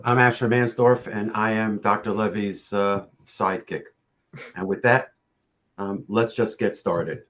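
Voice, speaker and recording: A man presenting a lecture on facial pain, speaking in a measured storytelling way with occasional fillers and restarts. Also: fairly low pitch, fairly even intonation, a bit bright. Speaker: orofacial pain practitioner presenting.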